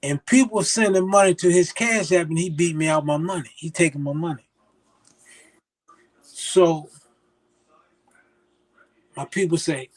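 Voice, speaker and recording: Older guy with a high voice, telling stories in a sit-down chat, does the voices of people he quotes. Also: measured pace, long pauses. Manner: animated, acts out quoted voices. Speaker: interview guest. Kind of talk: storytelling in casual conversation.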